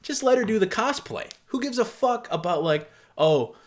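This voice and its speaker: A man's voice: very high voice, animated, normal speed. A man giving casual reaction commentary, exasperated and sarcastic, swearing freely and often laughing as he reads. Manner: laughs often while reading. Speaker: reaction video host.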